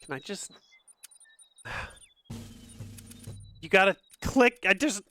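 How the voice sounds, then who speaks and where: A man chatting on a livestream, rambling and reacting aloud to what he sees as he plays. His voice sits a little high and comes across smooth and clear, with a dry, close sound and an unhurried pace. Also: animated, bright, forceful tone, no room sound, faint music behind. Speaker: streamer. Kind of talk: casual livestream chat.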